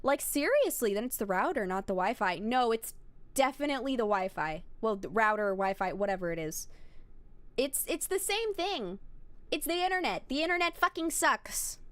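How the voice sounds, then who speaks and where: A young woman with a fairly high voice streams casually, rambling from one tangent to the next and swearing freely. Her voice sounds dry and close, with no room sound around it. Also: lively intonation, normal speed, fairly bright tone, dry recording. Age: young adult. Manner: rambling, profane, talks straight to chat. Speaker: VTuber streamer. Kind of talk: casual livestream chat.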